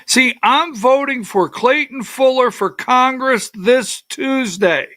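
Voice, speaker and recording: A middle-aged man hosts a political livestream show with an unhurried delivery and a fairly high, bright voice. He rambles between stories, gets emotional, and calls out slide numbers to his producer. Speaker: political talk show host.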